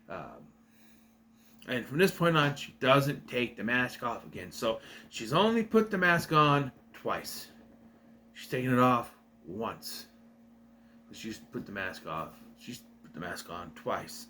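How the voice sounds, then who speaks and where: A young man talks through a plot recap in a casual, rambling way, often stopping to correct himself. His voice is bright and lively, swinging up and down in pitch, with a faint hum in the background. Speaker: video reviewer.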